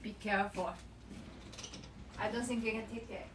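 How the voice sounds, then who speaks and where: A woman's voice: medium pitch, steady tone, moderate pace, fairly bright tone. Teasing woman, distant and echoey. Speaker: streamer's girlfriend. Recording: echoey, distant, noisy ambience.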